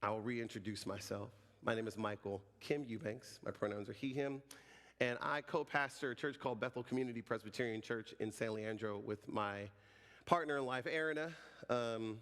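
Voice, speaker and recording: A man in his forties, a pastor giving a sermon as an animated, joking storyteller. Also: medium pitch, normal speed. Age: 40s. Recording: reverberant hall.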